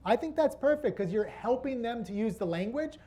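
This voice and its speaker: A man's voice: extremely high pitch, animated, a little fast, dark tone. A man presenting a workshop to an audience, asking rhetorical questions as he teaches. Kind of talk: interactive teaching talk.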